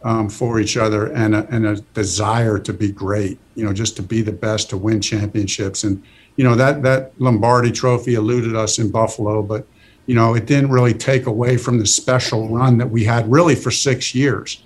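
A middle-aged football coach being interviewed, talking earnestly and stopping often to restart his sentences. His voice runs a little low. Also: fairly even intonation. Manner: earnest, halting, full of restarts. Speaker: football head coach, guest. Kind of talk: casual interview.

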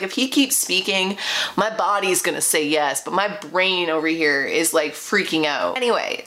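A woman's voice: mid-range voice, fairly bright tone. A young woman hosting a podcast, telling a personal story in a candid, chatty way with many "like" fillers. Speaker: podcast host.

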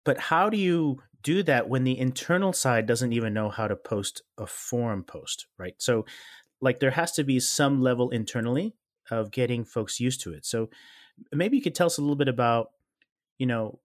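A man's voice: medium pitch, animated, normal speed, dry recording, studio quality. A man hosting a podcast, asking questions in a rambling, friendly way. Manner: rambling, friendly, many fillers and restarts. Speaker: podcast host. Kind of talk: casual interview chat.

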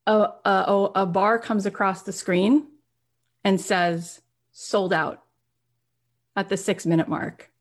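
A woman telling an inspirational success story, animated, acting out the people in it. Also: medium pitch, slow pace, pauses often. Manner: animated retelling with acted quotes, rising intensity. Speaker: motivational speaker.

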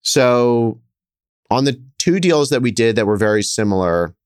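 A man in his thirties, a hotel investor, telling stories in a lively, conversational way, speeding up and getting louder as he acts out scenes. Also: mid-range voice, clean tone, no echo, studio quality. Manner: animated, quick storyteller who gets louder acting out scenes. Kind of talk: conversational interview storytelling.

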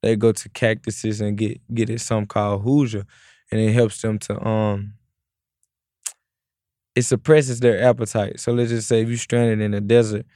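A man's voice: on the low side, level tone, moderate pace, mellow, no echo, studio quality. A young man from Memphis with a Memphis accent, a guest in an interview, talking casually in a laid-back, slangy way. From Memphis, Tennessee. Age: young adult. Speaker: rapper guest.

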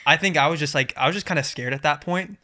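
Easygoing young man, bright voice. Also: on the high side, fast. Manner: easygoing, supportive, with frequent "like" fillers. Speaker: podcast co-host. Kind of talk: casual chat.

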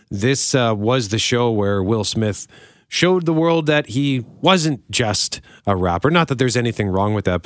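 A man's voice: on the low side, no echo, clean studio sound. A man in his forties co-hosting an entertainment podcast, talking casually and easily with fillers and restarts. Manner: relaxed, chatty, with fillers. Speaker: podcast co-host.

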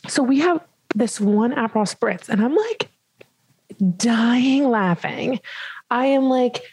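A woman in her twenties telling a funny story in casual chat as a podcast co-host, animated and full of "like" fillers. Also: on the high side, slow pace, breathy edge, no room sound, low-quality recording. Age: 20s. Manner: animated, many "like" fillers, laughs while telling.

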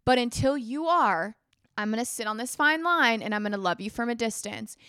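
Woman, podcast host, earnest, rambling, somewhat high voice, dry recording. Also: expressive, a little fast, sharp tone, clean tone, dry recording. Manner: earnest, rambling, heavy use of "like". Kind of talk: personal reflective monologue.

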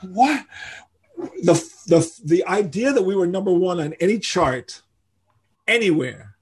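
An older man from New York, a rock musician telling stories in a casual interview, animated and acting out the voices of people he quotes. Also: high voice, normal speed, breathy edge. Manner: animated storyteller who acts out quoted voices.

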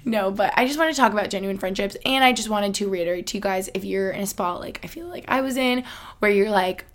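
A woman's voice: medium pitch, quick pace. A young woman hosting a podcast, chatting casually and upbeat, full of fillers and giggles. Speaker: podcast host. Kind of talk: casual chat.

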